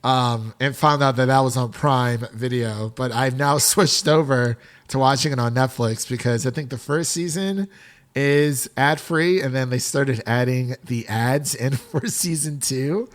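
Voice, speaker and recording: A man's voice: medium pitch, unhurried. A man hosting a film podcast in a casual, upbeat, chatty way, laughing often between remarks. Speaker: podcast host.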